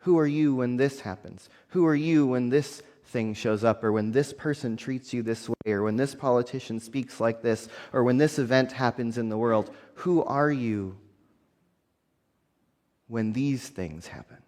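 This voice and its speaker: A man's voice: medium pitch, unhurried, a little mellow, big-room sound. A man preaching a sermon as a minister, earnest and building emphasis through repeated phrases.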